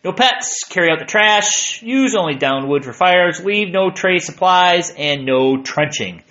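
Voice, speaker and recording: A chatty, friendly female park ranger , put on by a man in a raised, lively voice. She reels off the rules briskly, as if reading from a form. The recording sounds a little dull and lo-fi. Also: high voice, pitched above the performer's own voice, heavily acted.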